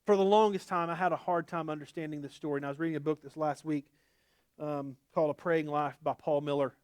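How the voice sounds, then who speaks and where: A male pastor delivers a sermon in a high, lively voice that swings between emphatic outbursts and quieter asides. He talks casually and with humor. The sound is close and dry. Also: quick pace, no room sound.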